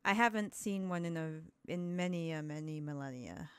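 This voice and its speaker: A woman voicing an ancient, immortal female being who speaks in a measured, quiet way. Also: sits low, clean tone, no echo, voice pushed down, close to an everyday voice. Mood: calm, knowing.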